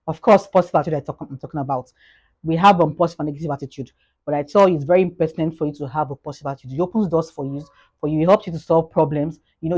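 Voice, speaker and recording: Nigerian lady vlogging, talks fast n repeats herself, pep talk vibe. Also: low voice. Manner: repetitive, fast, grows animated with acted-out anecdotes. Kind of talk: casual motivational monologue.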